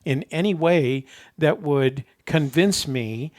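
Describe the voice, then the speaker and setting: A man's voice: on the high side, takes it slowly, darkish tone. An older man, chatting casually as a show host and rambling through stories while chuckling at himself. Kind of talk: casual chat.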